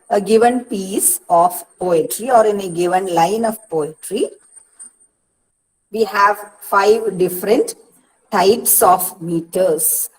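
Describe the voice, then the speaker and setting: A woman with an Indian English accent speaks at a deliberately slow pace. She explains poetry step by step in an online counselling lecture. She often says "see" and repeats herself as she teaches. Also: mid-range voice, darkish tone, slightly rough, poor audio.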